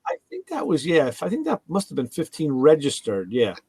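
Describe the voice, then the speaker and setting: A man hosting a casual talk show, his pitch swinging widely as he acts out the voices in his stories. The sound is dry and close. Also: brisk, breathy edge, no echo. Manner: animated storyteller, acts out quoted exchanges. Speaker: host. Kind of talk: casual chat about cars.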